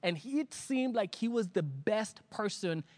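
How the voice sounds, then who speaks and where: High-voiced preacher, lively sermon. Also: male voice, a little slow. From Africa. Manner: animated, acts out his younger self in quoted asides. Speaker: pastor. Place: empty church streamed online.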